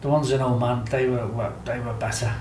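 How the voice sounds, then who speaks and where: A man's voice: mid-range voice, flat delivery, a little fast. A man with a Scouse accent telling stories in casual chat, rambling and full of fillers. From Liverpool, England. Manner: rambling, fillers like "do you know what I mean". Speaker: guest storyteller. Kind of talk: casual storytelling. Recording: echoey room with faint noise.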